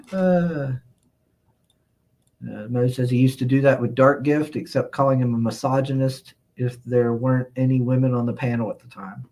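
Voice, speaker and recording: A man's voice: mid-range voice, unhurried, pauses often, darkish tone. A man hosting a livestream, chatting casually and reading viewer comments aloud, rambling and chuckling often. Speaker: livestream host.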